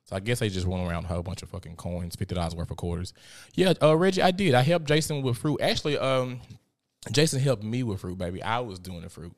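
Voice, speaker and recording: A man's voice: lowish voice, quick pace. A young man hosting a live show, chatting casually and animatedly with lots of swearing. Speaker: show host. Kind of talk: casual live-stream commentary.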